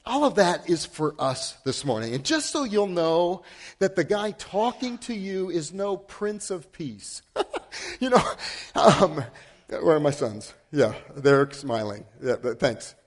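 A middle-aged man preaching a sermon, telling a story against himself with sudden swings between loud and hushed. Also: fairly high pitch, very animated, unhurried. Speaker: pastor.

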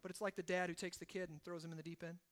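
A male pastor delivering a sermon in a noticeably high voice. He drops to a hushed, low intensity for emphasis, then climbs to loud, urgent exhortation. He peppers his points with rhetorical questions and frequent "right?" asides. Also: level tone, rapid-fire. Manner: asks the congregation rhetorical questions, often adding "right?".

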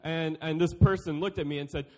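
A young man delivering a youth sermon with a higher-pitched voice. He keeps it playful, cracking jokes and acting out little quoted exchanges. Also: steady tone, a little fast. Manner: playful, joking, acts out quotes. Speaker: youth speaker.

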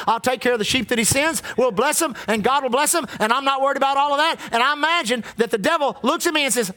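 A man's voice: very high voice, fast, few pauses, sharp tone. A man preaching a sermon as pastor, impassioned and repetitive, drawing out emphatic lines.

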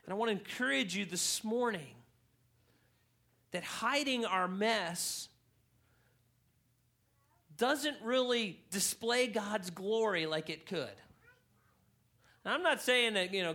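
A male pastor preaches to his congregation in a high, bright voice. He tells a funny story in an animated way, getting louder to stress his points. His tone is lively and pointed. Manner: animated storyteller, rising in volume for emphasis. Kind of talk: sermon with a humorous story. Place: church hall.

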